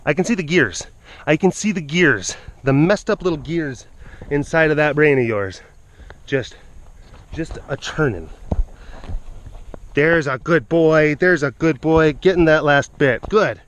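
Chatting informally to camera, this man works as a big cat keeper and coaxes the animals playfully, repeating himself and occasionally going hushed. He speaks on the high side, unhurried, with many pauses, and a little hiss or hum is audible.

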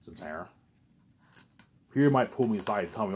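A man's voice: fairly low pitch, expressive, fast talker, darkish tone, a little hiss or hum. A man rambling through a casual monologue, repeating himself and drifting into talking to himself. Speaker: vlogger.

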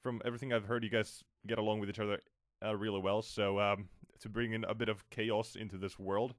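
A man interviewing an esports player in a relaxed, joking way. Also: lowish voice, brisk, no room sound, clean studio sound. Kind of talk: casual chat.

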